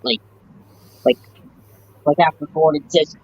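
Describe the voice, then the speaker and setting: Slow-talking woman fan on a live stream. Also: fairly low pitch, lively intonation, highs cut off. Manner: slow, halting, lists scenes and quotes lines. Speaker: fan sharing a book collection. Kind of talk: casual live-stream chat.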